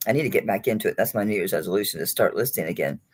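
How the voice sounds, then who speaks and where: Woman, live auction host, low voice, husky, animated, chatty, talks to her items. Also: racing. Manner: chatty, chuckles, talks to the items she holds. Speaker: jewelry seller hosting a live auction. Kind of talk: casual live-stream auction chat.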